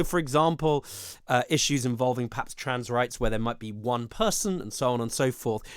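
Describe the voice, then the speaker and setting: A male television host conducting a political interview. He asks long, measured questions, often pausing on fillers as he builds his point. His voice sits at a middle pitch and sounds dry and close to the mic. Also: clear, resonant tone, no echo. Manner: measured, hesitant with many fillers.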